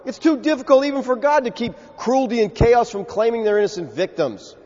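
A pastor preaching a sermon, telling stories with animation and acting out the voices of the people in them. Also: male voice, high voice, fairly quick, hardly any pauses. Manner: animated storytelling, acts out quoted voices. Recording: dull lo-fi sound with long hall reverb.

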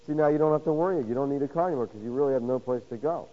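A man preaching a sermon, swinging from loud emphasis to hushed, intimate lines and acting out quoted voices with rhetorical questions. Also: medium pitch, rapid-fire, narrow, tinny audio. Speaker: pastor.

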